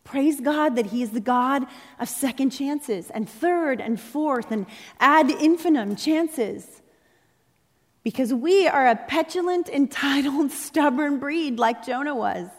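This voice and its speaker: A woman's voice: high-pitched, lively intonation, takes it slowly. A woman preacher delivering an impassioned, dramatic sermon in a church sanctuary. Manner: impassioned, dramatic, rising and falling intensity. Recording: long reverb in a large hall.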